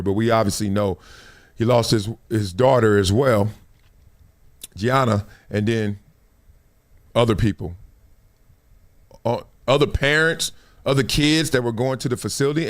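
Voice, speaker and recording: A middle-aged man with a Los Angeles accent, hosting his show and telling a long story in casual chat, acting out the scenes with slang. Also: medium pitch. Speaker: host.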